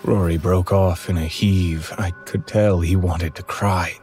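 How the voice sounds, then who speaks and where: A man narrating a horror story in a measured, somber way from a script. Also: low voice, fairly even intonation, darkish tone, faint music behind.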